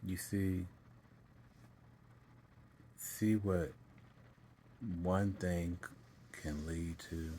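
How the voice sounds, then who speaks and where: A middle-aged man earnestly telling his own story in a vlog, halting and repeating himself as he pauses to collect himself. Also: sits low, fairly even intonation, warm tone, slight background noise. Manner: earnest and emotional. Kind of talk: personal confessional storytelling.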